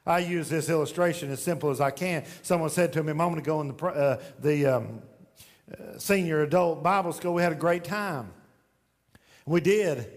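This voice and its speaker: A man preaching a sermon as pastor in a church sanctuary, swinging between loud emphatic lines and hushed ones. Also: high voice, big-room sound.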